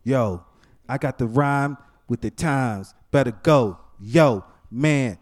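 A young man acting out a comedy sketch in an animated, slangy, joking way. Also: mid-range voice, unhurried.

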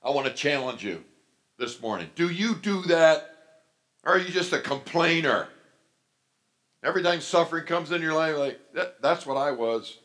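A man's voice: fairly high pitch, animated, normal speed, long pauses, a bit bright. A middle-aged man preaching a sermon as pastor, telling stories animatedly and acting out the voices he quotes.

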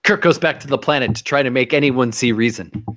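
A man co-hosting a podcast, recapping an episode in casual chat, rambling and dropping into quick impressions. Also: medium pitch, a bit bright. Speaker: podcast co-host. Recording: dull lo-fi audio.

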